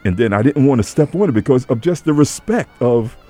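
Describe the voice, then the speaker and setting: A man hosting a radio show, chatting casually and telling animated stories with lots of laughter. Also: mid-range voice, brisk, soft background music. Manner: animated storyteller, laughs a lot. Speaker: radio host.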